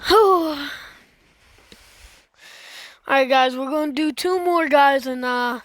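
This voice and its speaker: A woman hosting a reaction video, talking loosely to her viewers with quick exclamations. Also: sits high, no room sound. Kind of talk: casual reaction chat.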